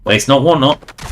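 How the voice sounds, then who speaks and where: A man's voice: fairly high pitch, a little hiss or hum. A man streaming a game, giving casual, rambling commentary with wry asides and chuckles.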